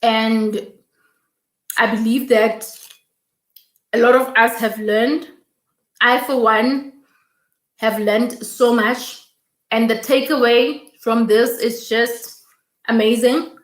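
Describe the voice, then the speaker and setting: A woman's voice: a little high, steady tone, takes it slowly, pauses often, echoey room. A woman hosting a casual YouTube live stream, chatting, reading viewer comments aloud and repeating her thanks.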